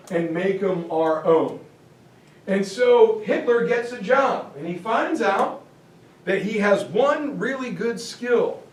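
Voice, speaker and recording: A man with a high voice gives an animated history lecture, joking and acting things out and breaking into shouts. He sounds echoey and a little distant, as if caught by a mic across a classroom. A faint noise sits under his voice. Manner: jokey, theatrical, bursts into shouts. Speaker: teacher.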